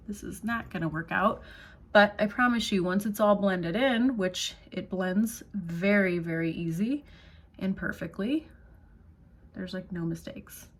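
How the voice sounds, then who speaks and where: Chatty woman demoing makeup. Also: medium pitch. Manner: chatty, reassuring, checks in with "okay?". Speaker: makeup demonstrator. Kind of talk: casual makeup tutorial.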